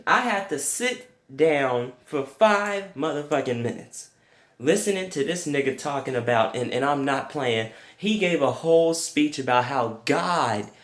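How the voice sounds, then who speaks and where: A young man telling a comic story with crude language, jumping to high yelps when quoting himself. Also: measured pace, roomy sound. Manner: animated, profane, jumps to high yelps for quoted reactions. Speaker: comedic storyteller.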